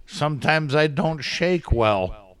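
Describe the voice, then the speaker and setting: A man's voice: on the high side, lively intonation, takes it slowly, crowd noise. A man joking around in casual chat with friends. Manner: joking, playful.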